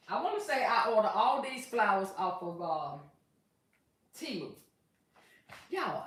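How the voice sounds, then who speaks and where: A woman hosting a casual live stream from home, chatting with viewers and reading their comments aloud as she talks about her gift basket making. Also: mid-range voice. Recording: roomy echo.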